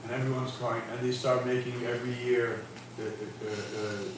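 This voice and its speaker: A man's voice: medium pitch, flat delivery, normal speed. Man telling a story, echoey and distant. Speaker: storyteller in a group chat. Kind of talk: casual livestream storytelling. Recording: echoey room, far from mic, noisy.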